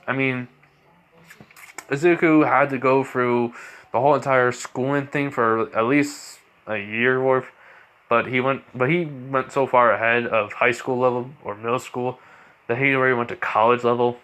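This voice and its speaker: A man's voice: medium pitch, fairly bright tone. A man improvising a fan story aloud, rambling and full of fillers and restarts.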